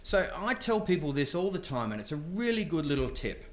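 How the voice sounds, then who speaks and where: A man casually presenting a software tutorial, chatty and informal with frequent asides. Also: on the high side, very animated, brisk. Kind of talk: casual screen-demo tutorial. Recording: echoey room.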